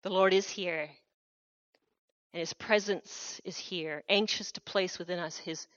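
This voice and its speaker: A woman's voice: lowish voice, steady tone, measured pace, fairly bright tone, no echo. A woman preaches a missionary sermon with an earnest, urgent push, circling back on her key phrases. Her voice sits mid-range and is picked up close and dry, with a somewhat dull, muffled tone. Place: church hall.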